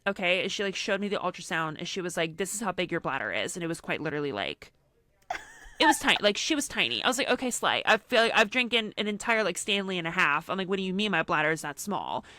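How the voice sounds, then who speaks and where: Talking fast in a lowish voice over a dry recording, a young woman co-hosting a podcast tells a personal story in casual chat. She animatedly acts out what people said and uses "like" constantly.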